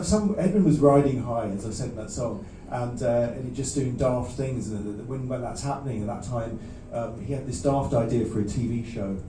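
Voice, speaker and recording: A man, a singer-songwriter chatting between songs at a live gig in a halting, self-deprecating way, with many restarts. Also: medium pitch, noisy background. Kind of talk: rambling between-song stage banter. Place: small live music venue. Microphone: stage vocal mic. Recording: roomy, distant audience recording.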